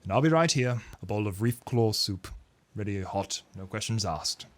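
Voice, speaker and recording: A man voicing a sentimental sailor father, heartfelt and halting, pausing with sighs. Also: fairly low pitch, lively intonation, lightly acted. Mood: tender.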